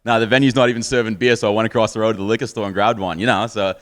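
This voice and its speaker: A young Australian man working a comedy stage with a stand-up set. His voice sits fairly low. He swears freely and mocks himself in easy, boozy banter with the audience. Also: steady tone, very fast, a bit bright. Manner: swearing, boozy, self-mocking banter with the crowd.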